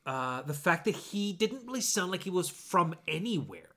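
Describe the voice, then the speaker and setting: A man co-hosts a casual podcast in a voice that sits a touch high and moves all over. He is agreeable and chatty, laughing often as he talks. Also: very animated, normal speed, pushed and bright. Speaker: podcast co-host. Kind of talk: casual chat.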